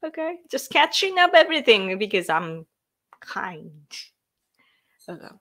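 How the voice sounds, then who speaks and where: A woman's voice: medium pitch, big pitch swings, a little slow, a bit bright. A woman from Japan with a Japanese accent, hosting a casual livestream chat from a room at home, laughing often and filling with "like". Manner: chatty, giggly, filler-heavy, reads out comments. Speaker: livestream host.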